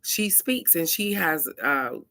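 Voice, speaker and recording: A woman hosting a card-of-the-day talk chats casually, telling stories animatedly and addressing her viewers directly with frank, casual swearing. Her voice is low-pitched and slow.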